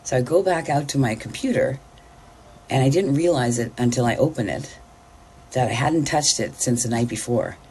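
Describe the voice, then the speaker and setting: A woman's voice: extremely low pitch, normal speed, warm tone, a little hiss or hum. A middle-aged woman telling a personal story in a candid, blunt way, swearing freely.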